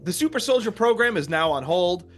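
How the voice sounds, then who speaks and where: A man's voice: high voice, lively intonation, brisk, soft background music. A man co-hosting a podcast, chatting about movies in a blunt, opinionated way. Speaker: podcast co-host. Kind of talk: casual movie chat.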